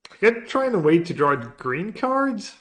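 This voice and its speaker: A streamer playing a card game mutters his thoughts aloud, trailing off quietly and trading joking banter with chat. His voice is high-pitched and sing-song, at a measured pace.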